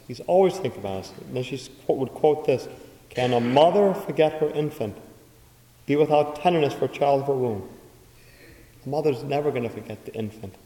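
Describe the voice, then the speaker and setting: A man's voice: mid-range voice, dark tone. Male priest, conversational homily with storytelling, recorded in a reverberant church. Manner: storytelling with acted-out quotes. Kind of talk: sermon.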